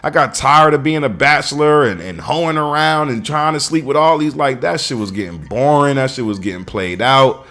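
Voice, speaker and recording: A man spins a personal story on a podcast. His voice sits mid-pitch, and he acts out the other voices in the story as he talks, with plenty of swearing. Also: normal speed, hardly any pauses. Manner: animated storyteller acting out dialogue, swears freely. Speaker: stand-up comedian, guest.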